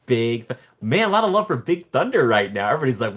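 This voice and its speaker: A man hosting a casual live stream, chatting warmly with viewers and greeting them by name from the chat. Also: medium pitch, normal speed. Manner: playful put-on excited voices when joking. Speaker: livestream host reading chat.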